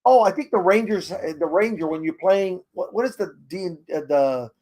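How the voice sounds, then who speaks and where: Sex: man. Role: tutorial host. Style: casual game-rules explainer. Pitch: high for a man. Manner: rambling, chuckling. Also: normal speed, a little mellow. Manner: rambling, chuckles often, trails off while searching.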